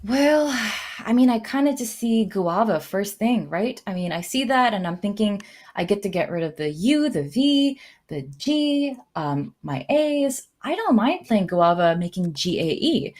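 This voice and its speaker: A woman giving live commentary on a board game, thinking aloud with many fillers and lively jumps in her voice. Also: mid-range voice, measured pace. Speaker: tournament commentator.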